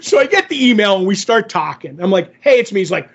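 High, husky-voiced man telling a story. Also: a little fast. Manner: animated, acts out others' lines in the story. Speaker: podcast co-host. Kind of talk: casual storytelling chat. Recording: dull lo-fi podcast audio.

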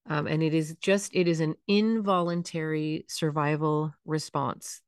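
A woman hosting a podcast, explaining calmly and instructively, sometimes acting out soft soothing phrases. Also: on the low side, dry recording, studio quality. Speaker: podcast host.

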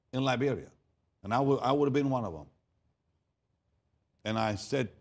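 Very animated and speaking at a normal speed, an older pastor with a medium-pitched, slightly breathy voice recounts a story in his sermon. He drops to hushed asides, then rises to loud, emphatic lines, often repeating words.

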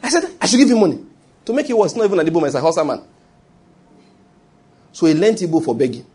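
A middle-aged man with a Nigerian accent, preaching a sermon and telling lively stories with acted quotes. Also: high-pitched, fast talker, slightly rough. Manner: animated storytelling preaching with acted quotes and pidgin asides. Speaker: pastor.

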